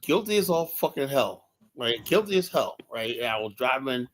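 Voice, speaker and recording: A man's voice: medium pitch, sing-song, moderate pace, a bit bright. A man telling long, rambling stories in a heated casual debate, swearing freely and tagging nearly every sentence with 'right?'. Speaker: panelist.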